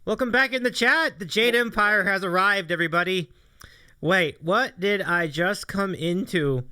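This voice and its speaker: A man's voice: sits high, moderate pace, sharp tone, smooth, no room sound, clean studio sound. A man hosting a casual live stream, chatty and laughing often. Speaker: host.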